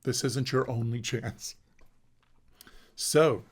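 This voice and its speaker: A man teaching an online meditation class over a video call, speaking slowly and gently, with frequent hesitant fillers. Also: mid-range voice, animated, creaky, husky.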